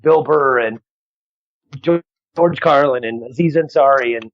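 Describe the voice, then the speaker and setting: A man's voice: medium pitch, measured pace, no room sound. A man, a guest comedian, chatting loosely over a call through a phone earpiece, stumbling and laughing through retakes. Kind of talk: casual chat over a call. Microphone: phone earpiece on a video call. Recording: dull lo-fi call audio.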